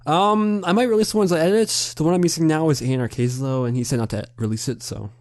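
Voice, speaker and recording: A man's voice: on the high side, fast talker, no echo, clean studio sound. A young man hosting a casual Q&A over voice chat, laughing often and rambling through his answers. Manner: giggly, rambling, self-mocking. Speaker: channel host answering questions.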